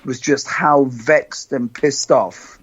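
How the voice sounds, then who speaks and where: A man's voice: medium pitch, takes it slowly, a bit bright, slightly rough. A man chats on a podcast panel. He rambles, stumbles over repeated words, and swears freely. The audio sounds dull and lo-fi. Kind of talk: casual podcast chat.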